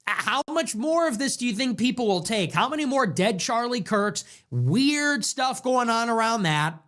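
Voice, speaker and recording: A young man hosting his own show, delivering an impassioned political commentary monologue full of rapid rhetorical questions. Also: a little high, fairly bright tone. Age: young adult. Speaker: show host.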